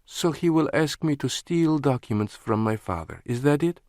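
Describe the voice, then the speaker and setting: A male audiobook narrator voicing a passionate, sarcastic young Russian woman, raising his voice high for her. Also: lively intonation, moderate pace, darkish tone, no room sound, clean studio sound, lightly acted.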